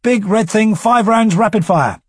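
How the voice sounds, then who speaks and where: A man voicing an eager army sergeant who gives crisp, calm orders in an audiobook. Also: high-pitched, a little slow, dry recording, clean studio sound, pitched above the performer's own voice.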